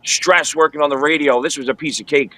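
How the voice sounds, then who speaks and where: A man's voice: on the high side, steady tone, fairly quick, over a noisy crowd, low-quality recording. A man telling stories as a guest in a casual interview, blunt and crude in a laid-back way. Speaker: guest, former radio worker and film-set stand-in.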